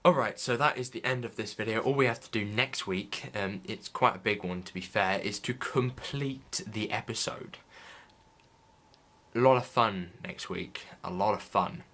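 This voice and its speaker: A man's voice: on the low side, normal speed, sharp tone. A man vlogging behind the scenes in a casual, rambling way, with many fillers and restarts. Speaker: vlogger, filmmaker.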